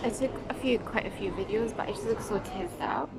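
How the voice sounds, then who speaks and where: A woman's voice: medium pitch, brisk. A middle-aged woman from the UK, chatting casually to her phone camera as a travel vlogger, rambling and talking to herself between laughs. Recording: noisy outdoor recording with traffic.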